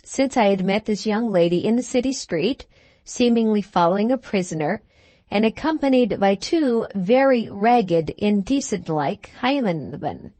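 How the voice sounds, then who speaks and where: Woman narrator, audiobook, steady measured reading, mid-pitched, dry close sound. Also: dry recording. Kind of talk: scripted narration.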